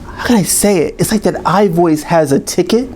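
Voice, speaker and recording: A man's voice: high-pitched, moderate pace, a little mellow, a little hiss or hum. A man giving a motivational talk to camera, emphatic and repetitive in a pep-talk manner. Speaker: motivational speaker.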